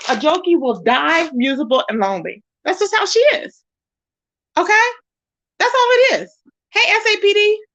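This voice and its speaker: High-voiced sassy woman livestreamer. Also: lively intonation, moderate pace, pauses often, a bit bright. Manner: sassy, reads chat messages aloud and roasts a rival; drawls endearments like baby and boo. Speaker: livestream host. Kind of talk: casual livestream chat.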